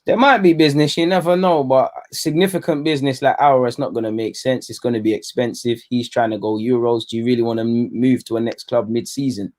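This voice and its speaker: A man's voice: mid-range voice, fairly even intonation, quick pace, hardly any pauses, darkish tone. Matter-of-fact man guest. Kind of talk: casual football chat.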